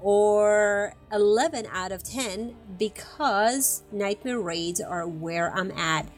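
A woman's voice: mid-range voice, slow, faint music behind. A woman hosting a casual podcast, reading out listener comments with frequent giggles. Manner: giggly, apologetic about names. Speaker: podcast host.

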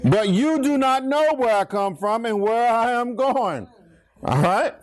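A middle-aged pastor with a lilt leads a call-and-response Bible lesson. His voice sits high for a man, and he swings it up and down as he preaches. He keeps asking the listeners to call out the last word. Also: expressive, measured pace. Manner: preachy, swings pitch, asks congregation to finish lines.

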